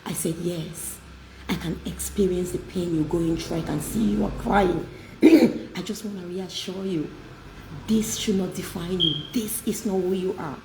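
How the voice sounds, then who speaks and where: A woman hosting an inspirational talk shares stories with warmth, emphasis and heart. Her voice is on the low side, at normal speed, with fairly even intonation. It was recorded in an echoey room with light noise.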